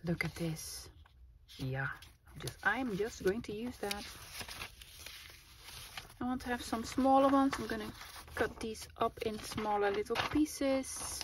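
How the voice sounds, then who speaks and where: A craft vlogger with a highish voice talks unhurriedly, pausing often, as she makes a collage. She chats casually to her viewers and to herself, laughing a lot, in a clear recording with background noise and clicks.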